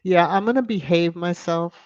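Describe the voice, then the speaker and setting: An American woman hosts a casual livestream, reading out viewer comments in a chatty, opinionated way. Her voice is lowish and a little mellow at a moderate pace, and the dry recording has the dull lo-fi sound of home stream audio.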